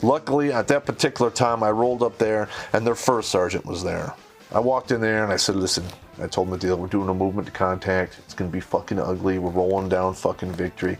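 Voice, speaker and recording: A man's voice: deep voice, quick pace. Profane man telling a war story. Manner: profane, animated, acts out quoted voices. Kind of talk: casual storytelling.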